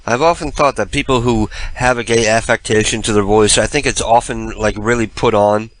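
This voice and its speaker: A man's voice: fairly low pitch, fairly even intonation, a little fast, fairly bright tone, rough recording. A man hosting a radio show, talking in a rambling, offhand way. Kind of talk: casual radio talk.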